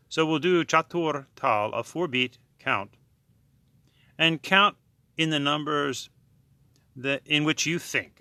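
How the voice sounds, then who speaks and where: Male yoga instructor, calm counted cues, bright timbre, slow delivery. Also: mid-range voice, dry recording, studio quality. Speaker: yoga teacher. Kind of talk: guided breathing instruction.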